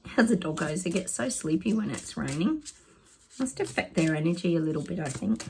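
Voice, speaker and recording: A woman talking casually to viewers as a psychic vlogger. She chats excitably while pulling oracle cards and often calls her audience "guys". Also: lowish voice, brisk, a little hiss or hum. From Australia. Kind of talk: casual oracle card reading to camera.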